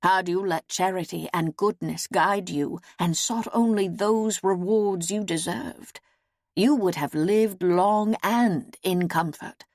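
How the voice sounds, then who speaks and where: A woman reading an audiobook, voicing a weary old woman seer who speaks slowly and gravely. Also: on the low side, a little mellow, no room sound, clean studio sound. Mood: stern. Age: older. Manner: slow, solemn, measured.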